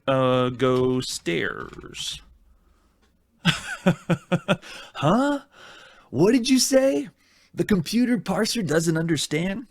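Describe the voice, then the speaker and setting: A man's voice: mid-range voice, no room sound. A man hosting a retro game let's-play, chatty and self-mocking as he thinks aloud while typing commands. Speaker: host.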